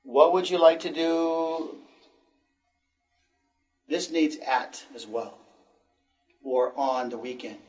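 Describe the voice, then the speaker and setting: A man teaching an English lesson, encouraging and repeating phrases slowly for learners. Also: a little high, steady tone, darkish tone, far from the mic, faint music behind.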